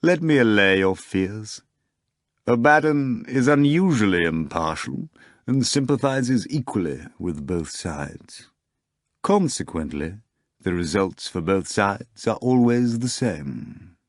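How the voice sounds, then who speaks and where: A man voicing a suave, low-voiced devil. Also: expressive, slow, dry recording, studio quality. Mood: calm courtesy. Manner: smooth, courteous, grave. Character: suave devilish male magician, calm and commanding.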